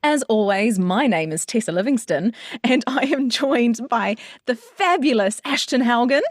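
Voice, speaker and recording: A woman's voice: fairly high pitch, animated, moderate pace, no echo, studio quality. Bubbly New Zealand woman hosting. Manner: bubbly, giggly, self-mocking. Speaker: podcast host. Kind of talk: casual podcast chat.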